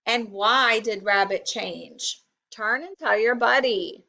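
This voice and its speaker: A woman's voice: on the high side, slow, creaky, bright, forceful tone, lo-fi sound. A woman teacher doing an interactive read-aloud lesson for children, stopping to ask them questions. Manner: addresses children, asks questions.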